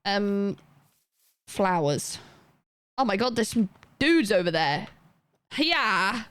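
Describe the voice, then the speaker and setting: A woman's voice: medium pitch, expressive, slow, clean tone, no room sound. A young woman livestreaming a game, chatting casually and rambling as she plays and talks to her chat.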